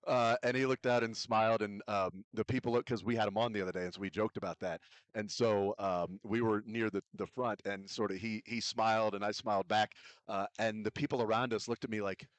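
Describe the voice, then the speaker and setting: A man with a fairly low voice hosts a sports radio show, chatting casually and rambling through his stories. He fills the gaps with plenty of "uh" and "um." The sound is dry and close, with no room echo, as from a studio microphone. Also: fairly even intonation, a little fast. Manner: rambling, many "uh" and "um" fillers. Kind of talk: casual on-air storytelling.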